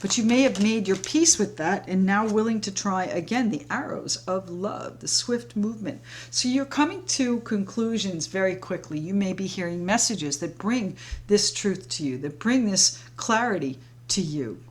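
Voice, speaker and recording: At home with sage burning nearby, a woman gives a tarot reading, addressing her viewers like friends in a flowing, reassuring way. Her voice sits mid-range, with lively intonation and a moderate pace.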